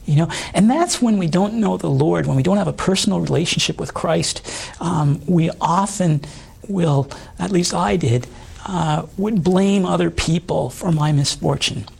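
A middle-aged man with a hoarse voice, giving an earnest personal testimony in an interview, halting with many fillers. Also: a little high, a little mellow. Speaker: guest.

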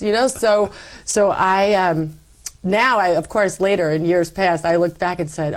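Middle-aged woman telling her faith story, lowish voice, acts out the quotes. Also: a little slow. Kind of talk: personal testimony in conversation.

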